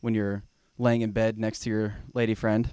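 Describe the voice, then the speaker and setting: Young man, stand-up comedian, rambling self-mocking storyteller, smooth clear voice, dry close sound. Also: flat delivery, normal speed, no room sound. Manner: rambling, self-mocking storytelling with bursts of loud high-pitched shouting. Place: small comedy bar stage.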